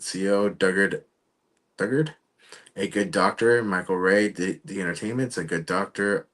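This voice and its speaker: Male host, deep voice, loose rambling delivery, casual stream chat. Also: a bit bright. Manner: rambling, halting, trails off. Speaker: show host. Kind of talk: casual livestream talk.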